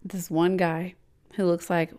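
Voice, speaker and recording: A woman's voice: fairly low pitch, a little mellow. Blunt, giggly woman chatting. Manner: blunt, giggly, swears freely. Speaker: podcast co-host. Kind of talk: casual chat.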